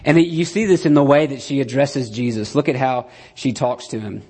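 A man's voice: medium pitch, a little fast, darkish tone, slightly rough. A man preaching a sermon to a congregation. He talks in a conversational way, often asks "right?", and acts out the quoted lines. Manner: conversational, keeps asking "right?".

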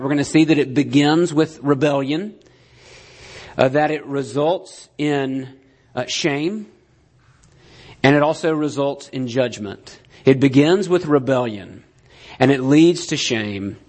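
A man's voice: medium pitch, darkish tone. A man preaching a sermon, emphatic and repeating his key phrases, often checking in with the listeners. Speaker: pastor.

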